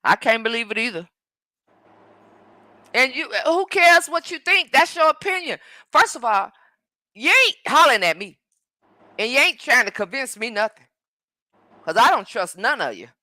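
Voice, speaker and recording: Sassy woman live-streamer with a bright voice. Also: fairly high pitch, sing-song, dry recording. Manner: sassy and combative, with drawn-out mm-mms and terms like baby and honey. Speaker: live-stream host reading viewer comments. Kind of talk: casual live-stream chat.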